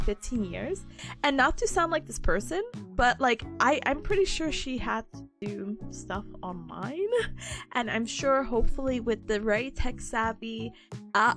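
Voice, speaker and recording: A woman's voice: high voice, fairly bright tone. A young woman, chatting casually on a study stream, bubbly and gushing, laughing often.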